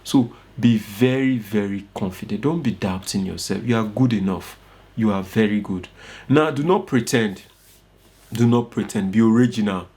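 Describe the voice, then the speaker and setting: A young Nigerian-accented man instructs an informal online course, coaching his audience and frequently asking "you get it?" His voice is fairly low and mellow, at a normal speed.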